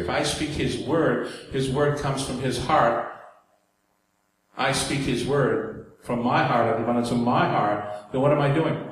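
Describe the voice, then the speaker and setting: A man preaching a sermon in a conversational way, with asides and jokes to the congregation. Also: medium pitch. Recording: very echoey hall, faint background noise.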